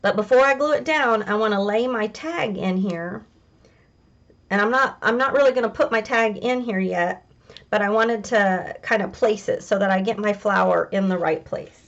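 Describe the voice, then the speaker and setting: A woman hosts a casual craft demonstration, explaining each step in a chatty, homey way. Her voice has a gravelly rasp at a middle pitch. The recording sounds a bit dull and lo-fi. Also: moderate pace. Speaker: craft tutorial host.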